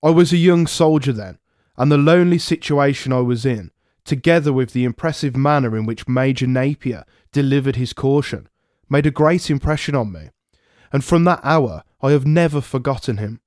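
A man narrating a historical memoir aloud, in a measured first-person storytelling manner. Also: mid-range voice, darkish tone, dry recording, clean studio sound. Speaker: podcast narrator.

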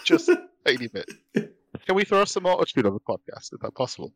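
A man's voice: fairly high pitch, sing-song, a little fast. A man co-hosting a podcast in casual chat, chatty, teasing and enthusiastic. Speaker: podcast co-host.

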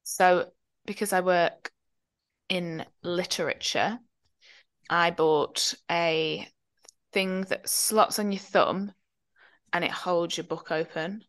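A woman's voice: on the low side, steady tone, slow pace, long pauses, a bit bright, dry recording, studio quality. A young woman co-hosting a podcast, telling wry anecdotes in casual chat. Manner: chatty, wry, storytelling. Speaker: podcast co-host.

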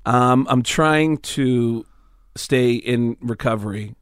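A man's voice: medium pitch, takes it slowly, clean tone, no room sound, clean studio sound. A man, a comedian guest, telling stories in a casual interview, acting out the voices of the people in them and swearing freely. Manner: animated, acts out quoted voices, swears freely.

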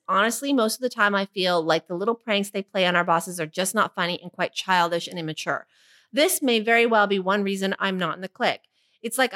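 A woman's voice: medium pitch, fairly bright tone. A woman co-hosting a casual podcast chat, blunt and swearing freely, also reading listener letters aloud. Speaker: podcast co-host.

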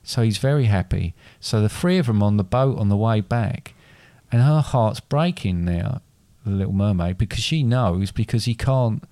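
A man's voice: fairly low pitch, lively intonation, moderate pace, hardly any pauses, dark tone, dry recording. A man casually retelling a fairy tale in a chat, rambling and correcting himself as he goes. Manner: rambling, self-correcting storyteller.

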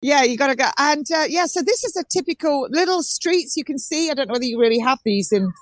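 A live walking tour by phone: a southern English woman, guest on a call-in show, chats animatedly and fast through an outdoor market. Her high voice has lively intonation, she keeps restarting, and the sound has no echo.

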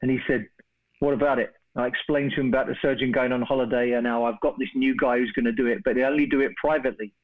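A middle-aged English man spins a long, animated anecdote and slips into the voices of the people in his story. His voice comes through a narrow, tinny phone line. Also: medium pitch, very fast, hardly any pauses. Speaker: guest storyteller. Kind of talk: casual anecdote on a phone call.

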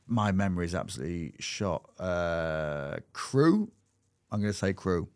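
A man with a fairly low voice tells loose, rambling stories on a podcast, stopping and restarting his sentences as he goes. He is a comedian and classical singer chatting as a guest. The sound is dry and close, with no room echo. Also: lively intonation, a little slow, a little mellow, smooth. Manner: rambling anecdotes with many restarts and fillers. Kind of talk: casual podcast chat.

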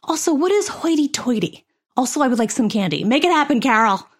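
A woman voicing a blunt, demanding seven-year-old child in a high, cheeky voice. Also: sing-song, fairly quick, exaggerated voice. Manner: cheeky and matter-of-fact.

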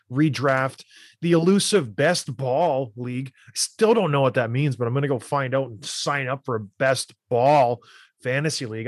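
A man's voice: mid-range voice, dry recording, clean studio sound. A man hosting a podcast, a former hockey player who talks in a fired-up, emphatic way, full of repetition. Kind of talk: casual chat and ad read.

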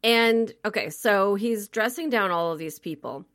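A woman co-hosting a film podcast in casual chat, animated and laughing, with many fillers. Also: mid-range voice, a little slow, slight background noise. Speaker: podcast co-host reviewing a film.

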